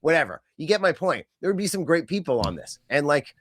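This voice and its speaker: A man's voice: a little high, big pitch swings, quick pace, no room sound, clean studio sound. A man co-hosting a podcast, chatting casually in a rambling way with lots of fillers and quoted asides. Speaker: podcast co-host. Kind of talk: casual wrestling chat.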